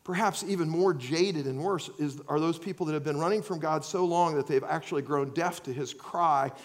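A man preaching a sermon, swinging between loud acted-out outbursts and quiet, earnest asides. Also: a little high, moderate pace. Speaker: pastor.

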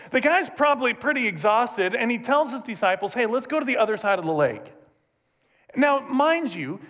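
A man preaching a sermon, retelling scripture with animated storytelling and rhetorical questions to his congregation. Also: extremely high pitch. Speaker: pastor.

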